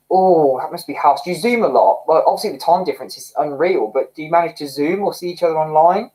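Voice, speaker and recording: Male streamer, bouncy, animated pitch, easily excited, reads chat out loud. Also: quick pace, hardly any pauses, poor audio. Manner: excitable, chatty, laughs often. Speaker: livestream host. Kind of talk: casual livestream chat reading comments.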